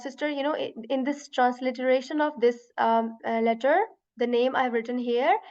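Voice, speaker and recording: A woman teaching an online beginners' lesson on letter sounds, patient and repetitive, often checking in with "right?" and demonstrating sounds slowly. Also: sits high, lo-fi sound. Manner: patient, repeats sounds slowly, many "you know" and "right?". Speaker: Quran teacher.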